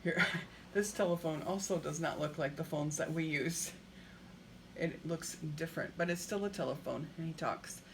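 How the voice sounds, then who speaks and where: A woman's voice: low-pitched, normal speed, a little hiss or hum. A woman reading a children's picture book aloud, stopping often to ask the listener questions. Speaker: storybook reader.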